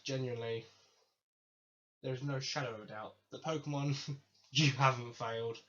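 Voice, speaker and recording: Here a man with a mid-range, fairly bright voice hosts a solo podcast, chatting in a rambling, excited manner and repeatedly correcting himself. Faint hiss and a slightly dull lo-fi mic color the recording.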